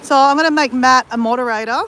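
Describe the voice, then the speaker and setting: This vlogger's voice is high-pitched, fast and fairly bright as she walks outdoors by the sea on a phone livestream. She talks casually with her viewers, naming them and laughing easily.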